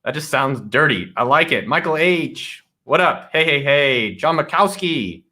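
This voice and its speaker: A man's voice: on the high side, lively intonation, a little slow, few pauses, sharp tone. A man hosting a casual live office-hours stream, energetically greeting viewers by name and joking around. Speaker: livestream host. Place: home studio in a guest room.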